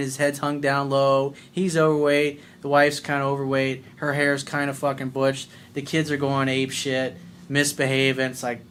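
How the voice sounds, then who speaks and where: A man's voice: fairly high pitch, fairly bright tone. A middle-aged man giving blunt, profane dating advice as the host of his own show.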